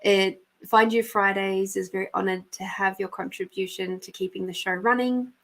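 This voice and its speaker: A woman's voice: medium pitch, fairly even intonation, normal speed, a bit bright, low-quality recording. A woman from New Zealand with a New Zealand accent, hosting a live stream and giving intuitive card readings in a chatty, affectionate way, speaking to viewers by name.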